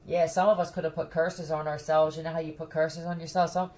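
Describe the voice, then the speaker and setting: A woman's voice: low voice, flat delivery, fairly quick, darkish tone. Blunt, profane woman chatting to viewers. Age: adult who has a son. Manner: blunt, profane, laughs often. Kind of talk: casual chat to viewers.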